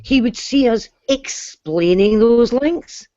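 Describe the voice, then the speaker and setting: A woman's voice: on the high side, animated, takes it slowly, warm tone, no echo. A woman talks firmly and indignantly in a casual online group chat. Her voice is dry and close, with dull lo-fi web call sound. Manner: indignant, firm.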